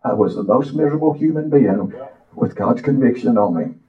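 An older man preaching a sermon, reciting a poem and telling his own story with impassioned, drawn-out phrases. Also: medium pitch, animated. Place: church. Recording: echoey, distant, dull church audio.

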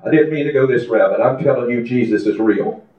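An older man preaching a fervent testimony sermon in a church, building to shouting. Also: medium pitch, a little fast. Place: church sanctuary. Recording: echoey, distant, dull church recording.

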